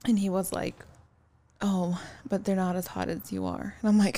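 A woman's voice: mid-range voice, moderate pace, a little mellow. A young woman co-hosting a casual chat, blunt and sweary, laughing through her stories. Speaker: podcast co-host.

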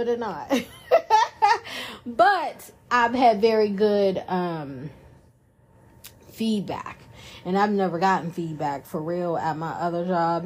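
A woman's voice: lowish voice, a little hiss or hum. A woman hosting a podcast in casual chat, playful and jokey, talking into a studio microphone. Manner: playful, jokey, self-praising. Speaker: podcast host.

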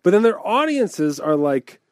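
A man co-hosting a podcast, telling a story in a casual, animated way, acting out the people he describes and laughing often. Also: sits high, a little slow, no room sound, studio quality. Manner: laughs often while talking. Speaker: podcast co-host.

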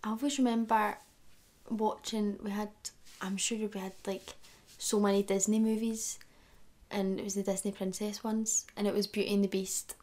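A woman's voice: medium pitch, flat delivery, normal speed, a little mellow. A young woman, an actor, chatting casually as a podcast guest, often laughing. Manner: giggly, chatty. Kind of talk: casual chat.

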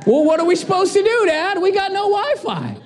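A whiny teenage girl pleads and complains in a high, squeaky voice, as her father puts her on mid-sermon. She sounds exasperated and helpless, her voice climbing well above a normal speaking pitch. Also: very animated, brisk, some chatter behind, a little hiss or hum. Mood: whining.

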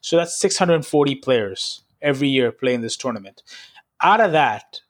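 A man with a mid-range, animated voice co-hosts a sports podcast at a normal pace. He chats casually and rambles, dropping in lots of "like" and "right?".

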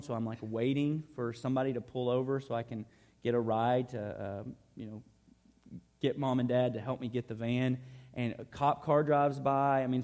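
A man's voice: medium pitch, darkish tone. A man, preaching a conversational, earnest sermon built on personal stories. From Arkansas. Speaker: pastor. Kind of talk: storytelling sermon.

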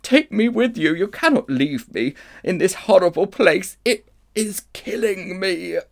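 A man reading aloud, voicing a weakened witch queen who wails and begs in a high, thin voice. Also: lively intonation, unhurried, vocal fry, full character voice. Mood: pleading. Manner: wailing, desperate.

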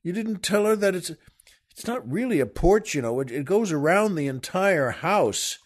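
A man's voice: sits high, very animated, moderate pace. Man playing disapproving rich wife, scolding tone.

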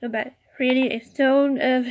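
Woman podcast host, slightly high voice, slow halting read with fillers, chatty asides. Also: level tone. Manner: slow, halting reading with many fillers and restarts. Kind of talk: casual solo podcast about crystals.

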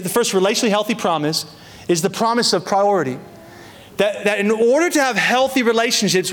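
High-voiced pastor preaching with emphasis. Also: male voice, fairly bright tone. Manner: emphatic, slows down on key phrases and repeats words; acts out voices in quoted prayers and asides. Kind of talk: sermon.

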